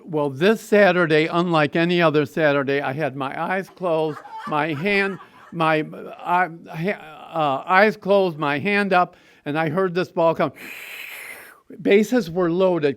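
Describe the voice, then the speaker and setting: A man telling his recovery story as guest speaker at a meeting, animated and self-mocking, laughing and swearing as he goes. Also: fairly high pitch, measured pace, a little hiss or hum. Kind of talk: personal recovery story, told to a group.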